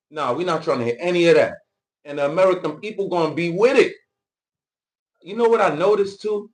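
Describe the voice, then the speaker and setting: A man's voice: sits high, animated, brisk. A man hosting political commentary, reacting to news clips in loose, slangy casual talk.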